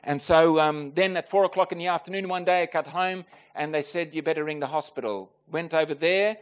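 Male preacher, high voice, heartfelt sermon testimony, talks straight to the congregation. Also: fairly even intonation, brisk, clear, resonant tone. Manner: earnest and emotional, swelling loud on key points; addresses the congregation directly with questions. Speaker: preacher giving a personal testimony.

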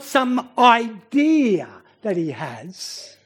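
A man's voice: high voice, lively intonation, slow pace. A man preaching a sermon, earnest and often repeating words as he starts his phrases.

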